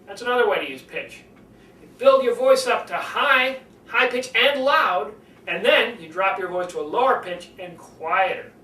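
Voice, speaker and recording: An older man coaching public speaking, lively and animated, swinging his voice up and down to demonstrate. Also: normal speed. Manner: animated, demonstrates pitch swings, acts out conversations. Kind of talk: speaking lesson to camera. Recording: roomy, from a distance, faint noise.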